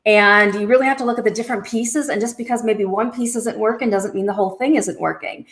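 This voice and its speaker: A woman's voice: medium pitch, fairly even intonation, fast talker, a bit bright. A woman hosting a casual chat, upbeat and affirming. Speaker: host.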